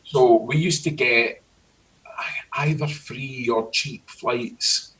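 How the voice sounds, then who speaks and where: A middle-aged Scottish man chatting casually, telling lively stories about his childhood. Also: medium pitch, takes it slowly, distant mic, poor audio. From Scotland. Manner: storytelling, animated. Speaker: guest. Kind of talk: casual chat.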